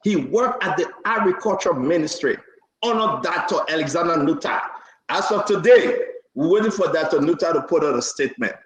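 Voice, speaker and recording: A man's voice: on the high side, lively intonation, fairly quick, reverberant, low-quality recording. A man, hosting a live talk show and hammering his points with repeated phrases. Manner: emphatic, repeats phrases, laughs between points.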